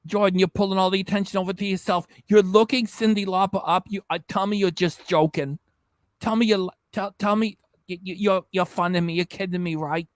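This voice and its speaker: High-voiced jokey man chatting on a livestream. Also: steady tone, fairly quick, no room sound, studio quality. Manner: jokey, rambling, keeps slipping into silly voices. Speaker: reaction channel host. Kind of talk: casual livestream chat.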